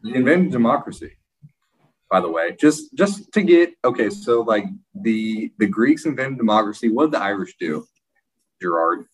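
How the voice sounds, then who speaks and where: A young man co-hosting a casual podcast, teasing and quick to argue, swearing freely. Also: on the low side, big pitch swings, breathy edge, poor audio. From Texas. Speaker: podcast co-host. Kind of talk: casual chat.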